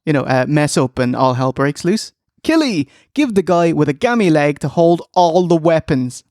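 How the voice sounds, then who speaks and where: High, lively joking podcast host. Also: male voice, normal speed, dry recording, clean studio sound. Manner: joking, puts on silly voices mid-recap. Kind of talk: casual comedic film review chat.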